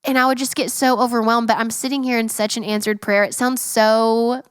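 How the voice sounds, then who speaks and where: A young woman hosts a faith-based podcast in an earnest, emphatic way. Her voice sits fairly high and sounds smooth and clear. It is recorded dry and close, with no room sound. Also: little pitch movement, no echo. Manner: earnest, heartfelt, quick and emphatic. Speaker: podcast host.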